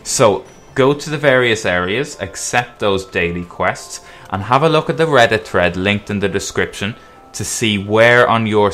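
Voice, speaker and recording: Deep, bright-edged male host for casual game walkthrough commentary, faint music under. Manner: relaxed, explaining as he plays, with frequent um and uh. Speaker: game guide video host.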